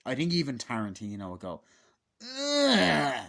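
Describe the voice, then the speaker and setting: Male vlogger, mid-pitched, casual unscripted review delivery, heavy swearing, lots of fillers. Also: expressive, normal speed. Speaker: movie reviewer.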